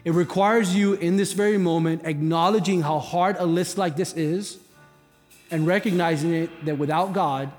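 A man's voice: a little high, moderate pace. A male guest pastor preaching a sermon in a conversational way, with joking asides. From Cuba. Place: church hall. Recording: long hall reverb with faint music.

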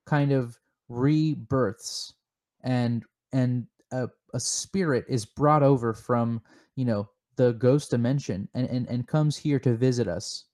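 A man co-hosting a comedic chat show, spinning deadpan, mock-serious theories with lots of halting restarts. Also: medium pitch. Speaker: podcast co-host.

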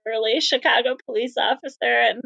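A woman from the Salvation Army answering interview questions sincerely, with frequent pauses and ums. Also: on the high side, steady tone, vocal fry, pushed and bright, dull audio.

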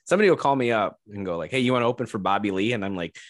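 A man's voice: on the low side, animated, rapid-fire, dry recording, clean studio sound. Easygoing man chatting as a guest. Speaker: podcast guest, comedian. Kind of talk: casual interview chat.

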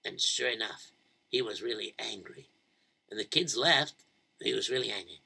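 A man telling a children's story, his voice gravelly yet bright. His narration is soft and unhurried, with a pitch that rises and falls freely. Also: expressive, recorded from a distance.

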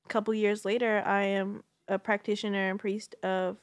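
A woman's voice: mid-range voice, normal speed, no echo, studio quality. A young woman in her twenties casually telling a long personal story and acting out the quotes. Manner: animated, acts out quotes. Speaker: guest.

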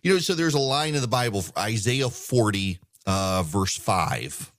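A man's voice: lowish voice, lively intonation, a little slow, fairly bright tone, dry recording, clean studio sound. A man hosting a political talk radio show, speaking emphatically and often repeating words as he starts a sentence. He grew up in the United Arab Emirates.

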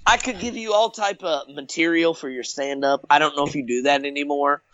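A man's voice: fairly high pitch, fairly quick, dry recording, highs cut off. A drunk man from Kentucky, a podcast guest, joking loosely and swearing a lot in casual chat. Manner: loose, profane, animated, joking.

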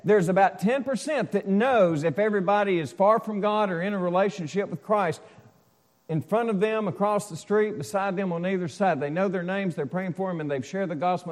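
A male pastor giving a sermon in a casual, storytelling way, moving between loud proclaiming and soft asides. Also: high voice, big-room sound. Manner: conversational preaching with asides and stories, swings loud and soft.

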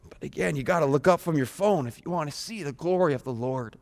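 A man preaching a sermon as pastor, swinging from hushed tones to fervent shouts. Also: on the high side, fast talker, in a large hall.

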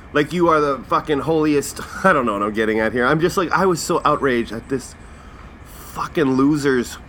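Male podcast host, profane, animated comedic rants. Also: on the high side, a little hiss or hum. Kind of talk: casual comedic podcast rant.

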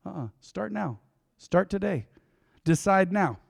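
A male pastor preaches in a folksy, chatty way, slipping into short acted-out exchanges between people. His voice sits fairly high for a man. It carries a long hall reverb over an otherwise dry close sound. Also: animated, a little slow, creaky. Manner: folksy and conversational, acting out little dialogues. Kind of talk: sermon.

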